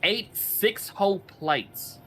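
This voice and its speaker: A man's voice: sits high, slow pace, background noise. A man chatting casually on a livestream, telling a long anecdote and acting out the voices of the people in it. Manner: animated anecdote teller, acts out quoted voices. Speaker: stream guest. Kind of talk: casual storytelling chat.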